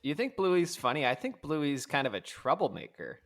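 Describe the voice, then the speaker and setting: A man's voice: on the high side, big pitch swings, moderate pace, vocal fry, a bit bright. A man hosting a casual podcast chat, asking questions in a playful, mock-serious way. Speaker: podcast host.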